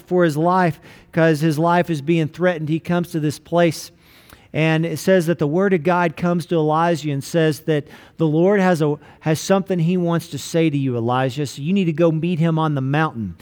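A pastor delivering a sermon in a fairly high male voice. He preaches with emphasis, drawing out his most important lines. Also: darkish tone.

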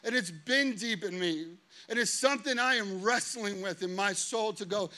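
A man in his thirties preaching a sermon, telling a story with lively acted-out quotes and confessional asides. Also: high voice, moderate pace, hardly any pauses. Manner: animated storytelling, acting out quotes. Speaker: pastor.

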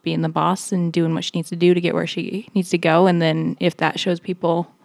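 A woman with a somewhat low voice, thinking aloud in a casual book discussion and often pausing on ums. Her sound is dry and close, with no room echo. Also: flat delivery, gravelly, a little mellow. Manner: thoughtful, hesitant, many ums. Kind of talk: casual group chat.

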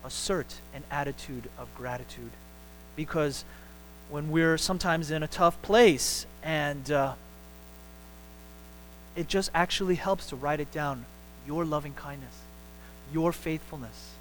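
A man delivering a sermon from the front of a church, his voice sitting a touch higher than most men's. He talks with lively repetition, doubling back on words and pushing upward when he drives a point home. A faint mains hum lingers under the recording. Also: measured pace, long pauses, rough recording. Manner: animated, repeats words and restarts, rises sharply for emphasis. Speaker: pastor. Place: church sanctuary.

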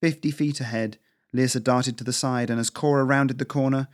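A man reading an animal adventure story aloud as an audiobook narrator, in a steady, measured way. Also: mid-range voice.

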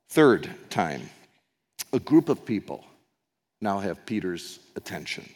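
This male pastor's lowish voice is expressive and moves at normal speed. He preaches a sermon, telling the story conversationally, voicing the quoted lines and adding asides, recorded with a long hall reverb.

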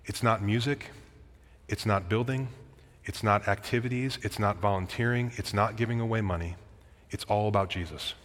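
A man's voice: on the low side, moderate pace, a bit bright. Earnest preaching man in a reverberant church. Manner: earnest, emphatic preaching with casual asides. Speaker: pastor. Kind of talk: sermon. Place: church sanctuary.

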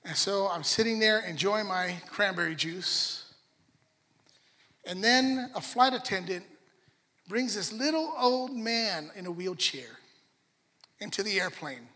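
A high, bright man preaches in a lively storytelling sermon, slipping into voices for each character. His voice has a husky edge. It rings with a long reverb through a large hall. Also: takes it slowly, long pauses. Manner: animated, acts out voices in dialogue. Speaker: pastor.

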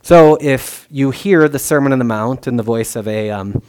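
A man's voice: medium pitch, normal speed, a little mellow, smooth. A young man giving a conversational sermon as a pastor, musing aloud with many fillers and restarts.

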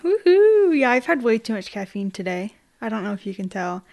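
A woman co-hosting a casual history podcast, bubbly and joking, quick to cheer and laugh. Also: mid-range voice, vocal fry. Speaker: podcast co-host.

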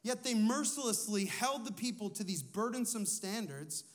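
A man's voice: high-pitched, expressive, moderate pace. A man who is a lead pastor, preaching a sermon in a conversational way, asking his listeners questions and telling personal stories.

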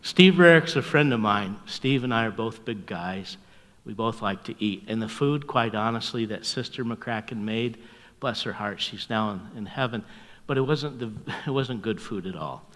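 An older man preaching as a pastor, telling stories in a folksy, chuckling way and dropping to a hushed voice at tender moments. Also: on the low side, moderate pace, long reverb tail. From North America. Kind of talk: storytelling sermon.

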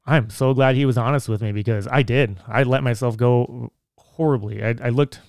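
A man of middle pitch with a smooth, resonant voice rambles through personal stories, restarting sentences and giving earnest advice. The recording is dry and close, with no room echo. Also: fairly even intonation, normal speed, a little mellow. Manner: rambling, with frequent restarts and filler words. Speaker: vlogger. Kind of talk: casual personal storytelling.

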